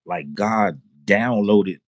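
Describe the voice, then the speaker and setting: Guy telling his testimony, kinda low voice, laughs a lot and repeats himself, dry sound. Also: very slow, no room sound. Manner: casual slangy speech. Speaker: testimony guest. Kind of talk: personal testimony storytelling.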